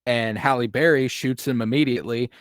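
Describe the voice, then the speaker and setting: A man's voice: medium pitch, a little fast, clear, resonant tone, dry recording, clean studio sound. A man co-hosting a podcast, chatting casually and opinionatedly about a movie, swearing now and then with plenty of ums. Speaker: podcast co-host. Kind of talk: casual movie review chat.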